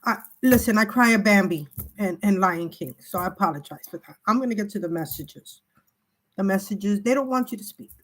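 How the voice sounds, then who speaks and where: A woman hosting her spiritual tarot vlog, talking in a halting, tearful and apologetic way as she cries. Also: medium pitch. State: crying. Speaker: tarot reader.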